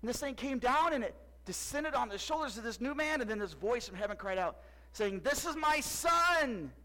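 A man's voice: very high voice, lively intonation, fairly quick, a bit bright, poor audio. A man performing a playful first-person Bible story monologue, joking and quizzing the audience. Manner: playful, jokey, asks audience questions. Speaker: costumed storyteller in church skit.

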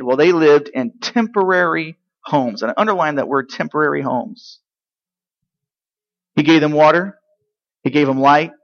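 A man preaching a sermon as pastor, swinging between quiet reflection and loud emphatic declarations. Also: fairly high pitch, muffled recording.

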